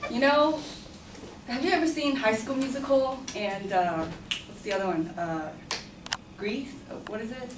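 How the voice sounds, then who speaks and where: A woman's voice: on the high side, unhurried, long pauses. A young woman telling a personal story to a class in a chatty way, with lots of fillers and giggles. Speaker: student storyteller. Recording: echoey room, far from the mic, faint hum.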